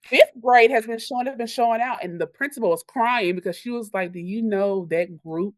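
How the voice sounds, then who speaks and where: A woman teacher, telling animated stories in a podcast interview and acting out what her students say. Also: on the high side, brisk, no echo. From Louisiana. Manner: animated storyteller, acts out quotes from kids. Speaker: elementary school teacher.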